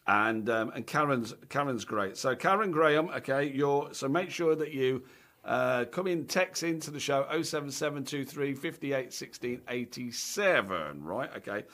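Bright, animated Scottish man hosting. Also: mid-range voice, moderate pace. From Scotland. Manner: chatty, peppers speech with "okay" and "right?". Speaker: radio show host and drummer. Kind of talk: casual radio chat.

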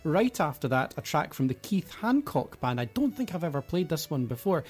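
A man's voice: a little high, sing-song, a little fast, breathy edge. A man hosting a radio music show, chatting casually and enthusiastically with rambling asides. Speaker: radio host.

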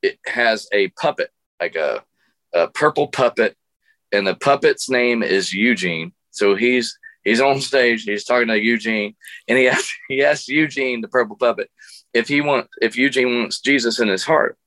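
A man's voice: mid-range voice, moderate pace, no room sound. Middle aged guy telling a funny story on a radio show, laughs a lot, keeps restarting, dry close sound. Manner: animated storyteller, laughs often, frequent restarts. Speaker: guest musician.

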